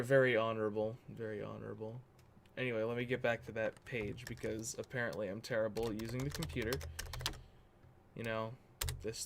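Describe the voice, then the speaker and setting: A man's voice: on the low side, slight background noise. A man hosting a livestream, chatting casually in a rambling, self-correcting way while he works on a document. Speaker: livestream host.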